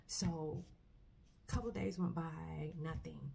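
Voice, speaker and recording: A woman with a low, dark, husky voice speaks to camera in a personal faith testimony. She talks in an earnest, soft-spoken way, often pausing and restarting her sentences. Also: fairly even intonation. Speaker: vlogger.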